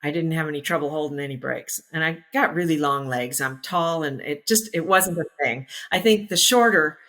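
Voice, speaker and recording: A woman's voice: low voice, normal speed. A woman in her sixties, a former military pilot, telling stories from her career in a casual interview, acting out what people said and laughing easily. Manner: lively, acts out quoted voices, laughs easily. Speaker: former naval aviator, interview guest. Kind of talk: casual anecdotal storytelling.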